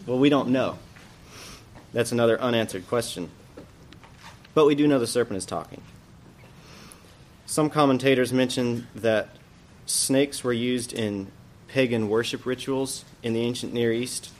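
A man's voice: mid-range voice, a little slow, pauses often. A man teaching an adult church Bible class, explaining a passage in a thoughtful way and often asking questions aloud.

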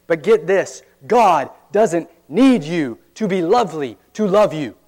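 A man with a slightly higher voice delivers a college-ministry sermon. He preaches earnestly but conversationally, throwing out rhetorical questions to his listeners. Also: expressive, unhurried, few pauses, a little mellow. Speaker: pastor.

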